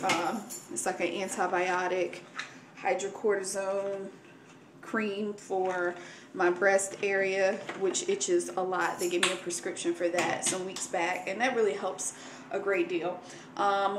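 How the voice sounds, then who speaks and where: At home, a young woman vlogger chats candidly to her camera in a pregnancy update, sounding grateful and emotional at times. Her mid-range voice comes through a roomy, distant recording with faint ambience and a little hiss or hum.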